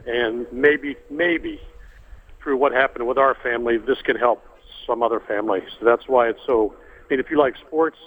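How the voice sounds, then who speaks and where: An older man telling a heartfelt family story as a guest, halting with frequent fillers and restarts. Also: mid-range voice. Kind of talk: emotional personal storytelling. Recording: tinny phone line.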